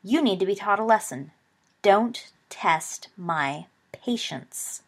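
A protective teenage boy, played by a woman reading aloud, speaking in a firm, even and controlled way. His voice stays at a middling pitch, quiet but unyielding. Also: moderate pace, husky, full character voice. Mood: cold.

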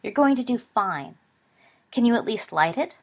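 A woman voicing a gentle, patient teenage boy wizard encouraging a friend in a storybook reading. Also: fairly high pitch, lively intonation, normal speed, slightly rough, voice pushed up. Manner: gentle, reassuring.

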